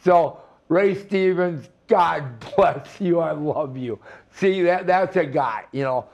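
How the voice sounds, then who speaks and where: Slow-talking older man telling stories. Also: fairly high pitch, vocal fry, darkish tone, highs cut off. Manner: rambling, laughing, many restarts. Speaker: interview guest, retired wrestler. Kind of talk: casual storytelling interview.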